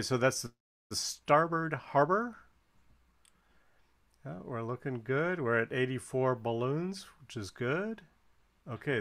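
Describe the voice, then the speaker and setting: With a creaky, slightly bright mid-range voice, a man offers relaxed, supportive play-by-play while someone else flies in a video game, tallying the balloon score aloud as co-commentator.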